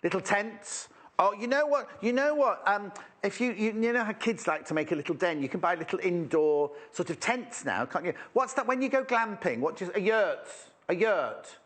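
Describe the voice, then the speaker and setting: A man's voice: high-pitched, expressive, a little fast, a bit bright. A man presenting fabrics live on a shopping channel, chatty and rambling as he exclaims over each one. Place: TV shopping studio.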